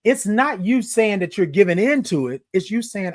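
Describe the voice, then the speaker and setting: Lively high-voiced man hosting a livestream. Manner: greets commenters by name, drawn-out greetings, playful sing-song asides. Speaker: livestream host. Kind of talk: motivational livestream chat.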